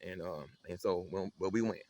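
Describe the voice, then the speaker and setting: A man spinning a comic family tale. He talks in a lowish voice, stumbling over repeated words and breaking into laughing asides as he goes. Loose and rambling. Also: brisk, darkish tone. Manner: stammering repetitions, laughing asides. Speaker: storyteller host. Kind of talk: comic personal storytelling.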